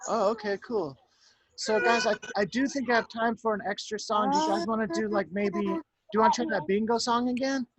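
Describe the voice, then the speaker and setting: A male teacher reading a picture book aloud to young children over a video call from home, narrating in an animated way and checking in with them. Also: sits high, fairly quick, crowd noise. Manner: warm, animated storyteller who keeps checking in with the children.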